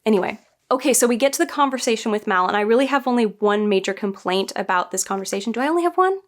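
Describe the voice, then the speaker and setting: A woman giving a casual spoken review, chatty and animated, often acting out quoted lines with small laughs. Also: fairly high pitch, fast talker. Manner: frequent restarts and small laughs. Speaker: book and TV reviewer.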